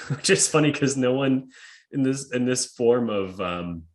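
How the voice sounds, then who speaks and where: A man's voice: mid-range voice, expressive, unhurried. A young man co-hosting a podcast, talking casually, swearing freely and laughing a lot. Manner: swears a lot, laughs, jumps into put-on doll voices. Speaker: podcast co-host. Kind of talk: casual chat.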